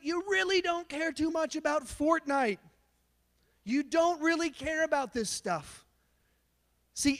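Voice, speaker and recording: A youth pastor giving a sermon in a casual, chatty way, filled with "like". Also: male voice, very high-pitched. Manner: casual, chatty preaching with lots of "like". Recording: long hall reverb.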